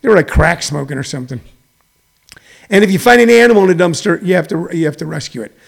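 A middle-aged man hosting a show, delivering a rambling comedic monologue that swings between loud, preachy emphasis and low muttering. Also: animated, fast talker, creaky. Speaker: show host.

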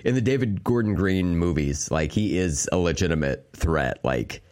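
A man with a hoarse, very low voice hosts a casual podcast chat. He rambles with plenty of fillers and curse words, and his pitch jumps around a lot. He sounds loose and unpolished. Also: expressive, moderate pace, a little mellow. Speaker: podcast host.

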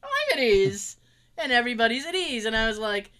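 Speaking briskly at a fairly high pitch, a woman chats her way through a lively story, cursing freely and performing what everyone else said in it.

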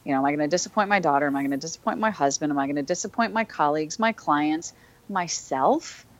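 A woman's voice: deep voice, fast talker, lo-fi sound. A woman who is a podcast guest, telling a personal story in an earnest, reflective way, with frequent fillers and restarts.

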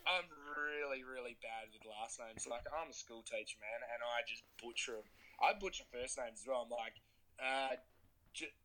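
An Australian man in his young adult years with a very bright, forceful voice. He chats casually on a podcast and tells animated stories against himself. His delivery is lively and easygoing. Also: mid-range voice, normal speed, slight background noise, rough recording. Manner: animated storyteller, laughs at himself. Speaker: podcast co-host. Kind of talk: casual chat.

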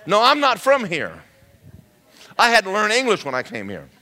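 A man's voice: high voice, huge pitch swings, moderate pace, bright, forceful tone. A middle-aged man preaching a sermon, calling out questions to his congregation. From Georgia, US. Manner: preaching with call-outs to the congregation. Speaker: pastor.

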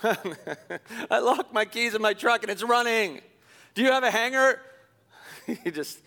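A middle-aged man, a pastor, telling a self-deprecating story in a sermon, animated and chuckling as he goes. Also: high voice, moderate pace. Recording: long hall reverb.

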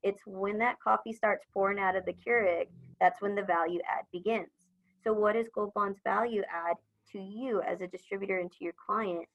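A chatty woman talks business with upbeat energy. Her voice sits at an ordinary middle pitch, and the recording sounds a little dull and lo-fi. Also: fairly even intonation, normal speed. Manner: upbeat, chatty, acts out phone greetings. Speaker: supplier customer service leader. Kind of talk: business podcast interview.

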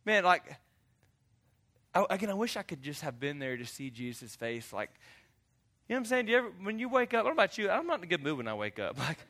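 A man preaching a sermon as pastor, animated and jokey in a conversational way. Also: a little high, fast talker.

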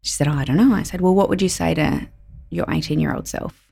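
A woman, a lawyer and podcast host, chatting in a relaxed interview and telling lively stories. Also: sits low, fast talker, vocal fry, husky. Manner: lively storyteller, laughs easily. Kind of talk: casual conversational interview.

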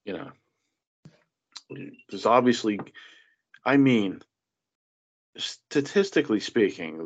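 A man in casual political chat, mocking and profane, with animated impressions. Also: medium pitch, slow, long pauses. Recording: dull lo-fi sound.

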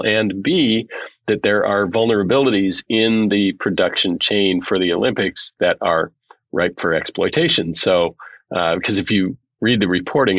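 Podcast guest, man, very low and raspy, close dry recording, wry asides. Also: a bit bright, dry recording, lo-fi sound. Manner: dry joking asides in explanations. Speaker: security analyst guest. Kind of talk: casual podcast chat.

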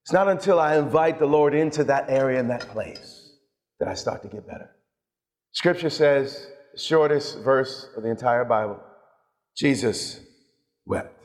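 A man's voice: mid-range voice, animated, moderate pace. A man preaching a sermon with emphatic passion, often stumbling and repeating words as he builds his points. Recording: long hall reverb.

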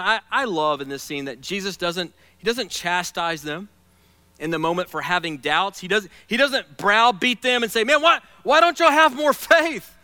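A man preaching a sermon, telling stories in a playful, animated way and acting out the scenes he describes. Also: sits high, clean tone, no echo. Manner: animated, playful storyteller who acts out scenes. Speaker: pastor.

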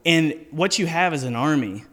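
A man hosting a casual interview podcast, giving earnest advice and slowing down to stress his points. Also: on the high side, animated, fairly bright tone, long reverb tail. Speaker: podcast host and indie game developer.

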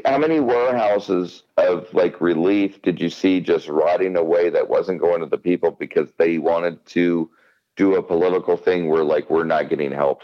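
A man's voice: sits low, muffled recording. A man in casual podcast chat, rambling and swearing, often repeating himself. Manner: rambling, profane, repeats words.

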